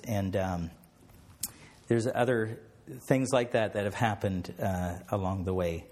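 A man's voice: fairly low pitch, fairly even intonation, slow pace, darkish tone. A middle-aged man, a missionary pilot, tells a church about his mission work and then leads a closing prayer, hesitating often with fillers and restarts.

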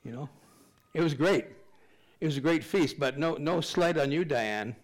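A man's voice: on the high side, normal speed. Older male pastor preaching conversationally. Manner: conversational preaching, jokes with the congregation. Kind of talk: sermon.

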